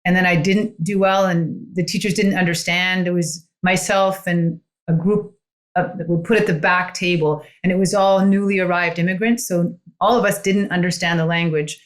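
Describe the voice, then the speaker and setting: A woman's voice: lowish voice, steady tone, normal speed. A woman guest on a podcast, a coach, telling her story in an earnest, reflective way with frequent "you know" asides. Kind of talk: conversational storytelling.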